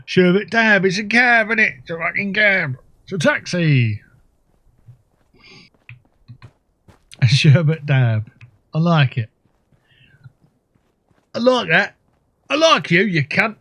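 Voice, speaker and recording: A man's voice: extremely high pitch, wildly swooping pitch, very slow, pushed and bright, pitched above the performer's own voice, heavily acted. A man putting on an exaggerated, crude cockney character, talking in sing-song rhyming slang. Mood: rowdy.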